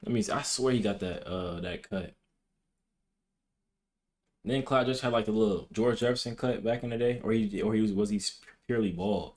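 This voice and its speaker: A man's voice: fairly low pitch, normal speed, darkish tone. A man hosting a reaction video, chatting casually in loose, slangy, incredulous banter. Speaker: YouTube reaction host.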